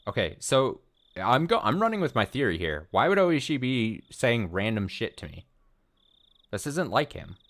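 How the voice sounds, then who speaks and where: A man hosting a let's play, reading a visual novel aloud and rambling excitedly and paranoidly between lines. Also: mid-range voice, moderate pace.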